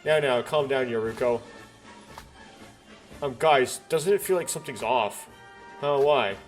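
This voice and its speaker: A man's voice: mid-range voice, a little slow, faint music behind. A man reading a visual novel aloud, doing every character's lines in his own voice, with stumbles and self-corrections.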